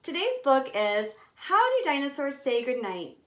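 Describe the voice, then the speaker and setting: Woman storytime host, bright-pitched and unhurried, playful and expressive with young listeners. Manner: animated, expressive, speaks directly to kids. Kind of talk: reading a picture book aloud to young children.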